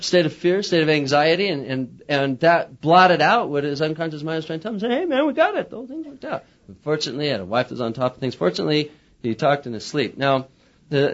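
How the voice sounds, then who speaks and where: Man, lecturing preacher, chatty and animated, slightly raised voice, dull lo-fi recording. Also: on the high side. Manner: chatty, animated, acts out quotes. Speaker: preacher teaching pastors. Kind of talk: humorous lecture. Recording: muffled lo-fi recording.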